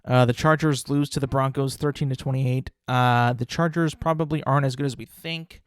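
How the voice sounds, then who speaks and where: Guy rambling on his podcast about football, mid-pitched voice, dry close mic, lots of ums and repeats. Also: fairly even intonation, moderate pace, clear, resonant tone, no room sound. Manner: rambling, opinionated, with frequent fillers and repeats. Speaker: podcast host. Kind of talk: casual sports chat.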